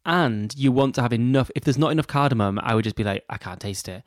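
A man with a mid-pitched voice talks in an easygoing, conversational way as a podcast co-host. His voice is recorded dry and close, with no room echo. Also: fast talker. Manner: relaxed, conversational, recapping. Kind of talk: casual chat.

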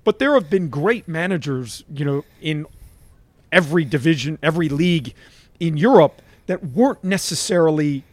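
Emphatic middle-aged man, fairly high voice. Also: animated, moderate pace, no echo. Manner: emphatic, keeps checking in with "right?" and "listen". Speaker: golf coach, podcast guest. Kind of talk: animated anecdote-telling in conversation.

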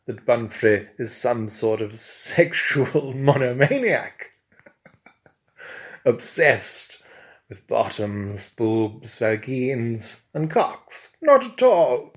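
Slow, pompous male storyteller. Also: medium pitch, big pitch swings. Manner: pompous, plummy and mock-grand; chuckles through his lines. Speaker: comic storyteller. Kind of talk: improvised comic narration.

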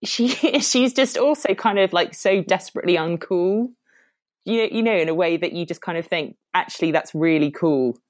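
A woman's voice: mid-range voice, normal speed, no room sound. A woman researcher on a discussion panel who talks in an opinionated way, often restarting her sentences and gushing with praise.

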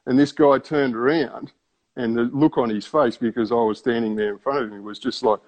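A man's voice: mid-range voice, fairly even intonation, moderate pace, a little mellow. A man with an Australian accent telling a story in a wry, conversational way full of asides. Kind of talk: casual spoken storytelling.

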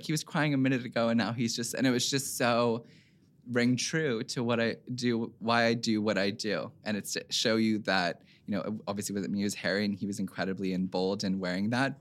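A young man, a fashion designer guest, telling a story in a rambling way and close to tears. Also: lowish voice. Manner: tearful, rambling, many "like" fillers. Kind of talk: emotional interview storytelling.

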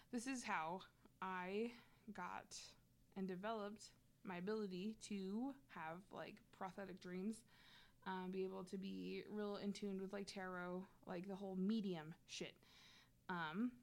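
A woman's voice: medium pitch, fairly even intonation, measured pace. A young adult woman telling a personal story in casual chat, candid and slangy, swearing freely.

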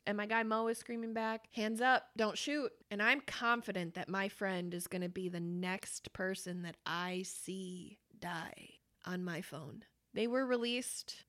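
A woman in her late twenties hosting a podcast, delivering an impassioned monologue, blunt and profane, slowing down hard on the phrases she wants to land. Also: mid-range voice, a bit bright. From Wisconsin, US. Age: late 20s. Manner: blunt, profane and fiercely emphatic; slows down for emphasis on key phrases. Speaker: podcast host.

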